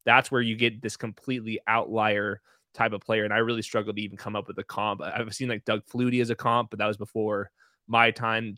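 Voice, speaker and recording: A man's voice: mid-range voice, a bit bright, no echo, studio quality. A young man talking as a podcast guest, breaking things down in a loose, chatty way full of "like" and "uh". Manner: loose, chatty, uses lots of fillers like "like". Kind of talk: casual podcast analysis.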